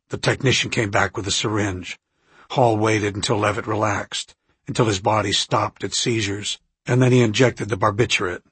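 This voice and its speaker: A male narrator reads a novel aloud in a steady, even way. His voice is husky and sits a little low. The recording is close and dry. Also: no room sound. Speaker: audiobook narrator. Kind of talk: scripted narration.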